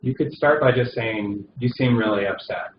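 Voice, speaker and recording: A man's voice: medium pitch, normal speed. A man teaching a recorded session on palliative care, talking conversationally with many fillers and restarts. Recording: dull roomy recording with faint noise.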